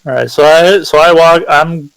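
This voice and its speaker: A man's voice: a little high, normal speed, gravelly, smooth, dry recording, low-quality recording. A man playing a tabletop game who stumbles over his words as he describes his actions. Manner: stumbling, hesitant. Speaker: player. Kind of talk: casual tabletop role-play.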